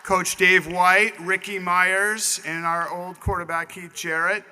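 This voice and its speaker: A man's voice: high-pitched, level tone, slow, pushed and bright, smooth. A man in his fifties from Southern California, giving a chatty acceptance speech at a dinner and calling out to people in the audience. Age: 50s. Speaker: Hall of Fame inductee. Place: banquet hall dinner. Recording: long reverb of a banquet hall.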